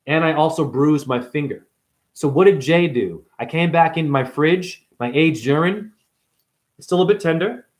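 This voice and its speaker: Male vlogger, fairly high and highly animated; profane, taunting, rapid-fire questions at the audience. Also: rough recording. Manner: profane, mocking, swings between shouting and murmuring; rapid rhetorical questions at the viewer. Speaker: self-styled spiritual vlogger. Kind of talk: unscripted monologue to camera.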